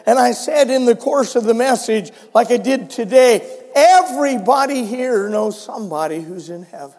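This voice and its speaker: An older man preaching in a church, his voice high for a man and carried by a long reverb off the walls. He tells stories and swings between soft, intimate lines and loud, ringing ones. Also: expressive, moderate pace. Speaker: pastor. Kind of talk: sermon. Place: church sanctuary.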